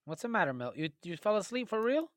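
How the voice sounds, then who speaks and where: A man's voice: high voice, sing-song, quick pace, no echo. A man hosting a casual group voice chat, running a cereal tournament with a teasing, chatty manner and frequent laughter, speaking into a headset on a call.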